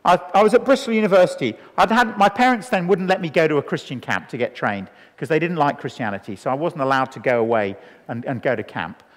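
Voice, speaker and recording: A man's voice: on the high side, fast. A man in his fifties preaching a sermon to a live audience, telling stories and acting out the dialogue. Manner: animated storytelling, acting out dialogue. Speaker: evangelist preacher. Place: church hall with a live audience. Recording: long reverb in a hall.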